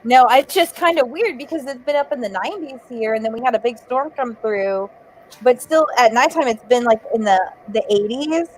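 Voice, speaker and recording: A woman's voice: fairly high pitch, lively intonation, normal speed, low-quality recording. Easygoing woman from Ohio on a call. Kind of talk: casual video chat. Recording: faint background noise.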